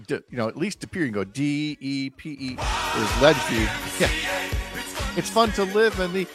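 A man's voice: on the high side, expressive, moderate pace, loud music behind the voice. A man hosting a radio talk show, chatting casually with many fillers and restarts. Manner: rambling, lots of fillers and restarts.

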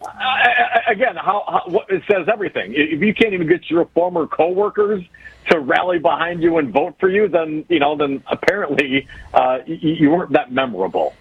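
A man's voice: high voice, sing-song, vocal fry, husky, dry recording, phone-quality sound. A man hosting a political talk radio show, talking casually and often restarting his sentences. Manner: halting, repeats words while thinking.

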